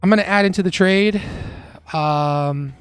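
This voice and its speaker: A man's voice: high voice, unhurried, smooth, no room sound, faint music behind. A young man who trades live on a stream, chatting casually with his chat and laughing often.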